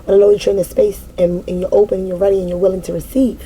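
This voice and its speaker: A woman's voice: mid-range voice, level tone, rapid-fire, dark tone, slight background noise, poor audio. A woman in casual spiritual reflection, talking with a repetitive, emphatic, preacher-like cadence. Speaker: mother speaking to an online audience.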